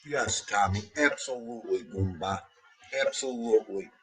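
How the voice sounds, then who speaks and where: Livestream host, husky New man, middle-aged, grieving, warmly greeting his regulars. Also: fairly low pitch, normal speed, soft background music, poor audio. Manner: emotional, heartfelt, greets viewers by name. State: grieving, tearful. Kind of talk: casual livestream chat greeting viewers.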